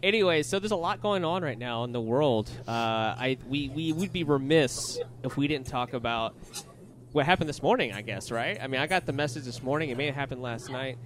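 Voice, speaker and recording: A man's voice: mid-range voice, expressive, a little fast, slight background noise. A man co-hosting a casual podcast over a video call, with upbeat, joking banter. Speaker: podcast co-host. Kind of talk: casual chat.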